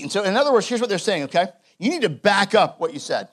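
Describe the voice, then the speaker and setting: A man's voice: sits high, big pitch swings, quick pace, hardly any pauses, a bit bright. A man preaching a sermon in a casual, conversational way, acting out the scripture he reads. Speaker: pastor.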